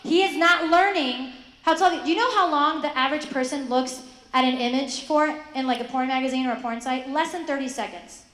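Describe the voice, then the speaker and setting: High-voiced woman in an echoey hall. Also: fairly quick. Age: young adult. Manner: animated, acts out quoted voices, asks the audience questions. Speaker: speaker addressing high school students. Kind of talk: faith talk to students. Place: school hall.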